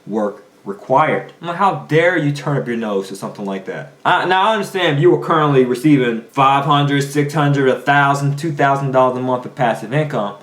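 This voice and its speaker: A man's voice: mid-range voice, normal speed, hardly any pauses, echoey room. A man giving a motivational finance talk as a coach, emphatic and preachy, firing off rhetorical questions. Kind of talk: motivational monologue.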